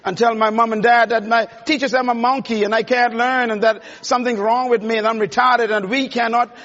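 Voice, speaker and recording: Man, conference speaker, emphatic and preacherly, very high voice, dull sound. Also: little pitch movement, a little fast, a bit bright. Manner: emphatic, preacherly, addressing the audience directly. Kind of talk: motivational speech. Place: large conference hall. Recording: dull sound with long hall reverb.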